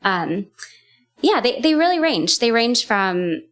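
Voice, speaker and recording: A woman's voice: a little high, big pitch swings, takes it slowly, fairly bright tone. A woman guest on a podcast interview, explaining with enthusiasm and fluency. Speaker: guest, game co-creator. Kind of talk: interview conversation.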